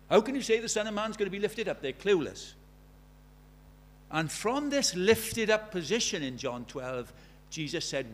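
Male preacher with a high voice, emphatic and questioning. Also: a bit bright. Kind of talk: sermon.

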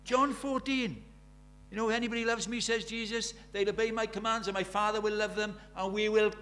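Male preacher, hushed then urgent. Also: high-pitched, steady tone, brisk. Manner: swings from hushed intimacy to loud urgent questions. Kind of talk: sermon.

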